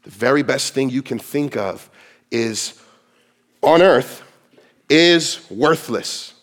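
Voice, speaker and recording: A man's voice: mid-range voice, expressive, slow. A man preaching a sermon to his congregation, emphatic and quoting scripture in dramatic voices. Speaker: pastor.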